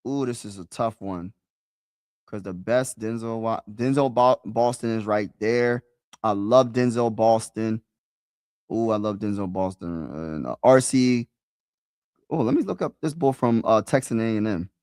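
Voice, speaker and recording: A man's voice: on the low side, unhurried, darkish tone, smooth, no room sound, studio quality. Chatty man live-streaming to his chat. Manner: talks to chat, repeats himself, casual slang. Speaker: sports streamer.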